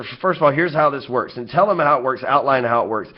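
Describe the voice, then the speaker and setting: A man's voice: medium pitch, quick pace. A man with a Southern US accent giving a casual sales training talk, blunt and profane with joking asides. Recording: slightly dull lo-fi audio.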